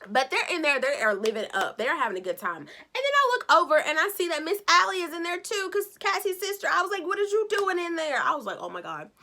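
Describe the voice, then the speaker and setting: Speaking fast in a high voice with hardly a pause, this recap vlogger runs through a TV episode. She's animated and sassy, performing the characters' quotes as she goes.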